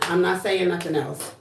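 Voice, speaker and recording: Her voice is on the low side and picked up from a distance, with a bit of hiss or hum in an echoey home room. She's a New Jersey woman hosting a casual livestream, blunt and sassy and swearing freely.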